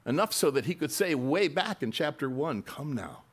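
A man preaching a sermon, reading scripture aloud with bursts of loud emphasis and casual asides to the congregation. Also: on the high side, animated, normal speed. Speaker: pastor.

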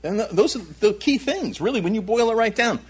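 A man's voice: sits high, animated, brisk, husky. A male pastor preaching a sermon in an emphatic way, often repeating himself and adding asides.

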